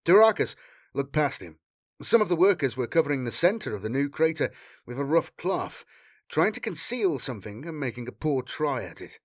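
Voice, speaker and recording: A man narrating an action story with dramatic, expressive delivery. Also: on the high side, normal speed, no room sound, clean studio sound. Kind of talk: audiobook narration.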